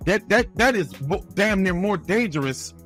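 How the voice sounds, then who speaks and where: Animated, lively male sports show host. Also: sits high, normal speed, faint music behind. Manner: animated, exclamatory, repeats himself. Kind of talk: casual sports talk.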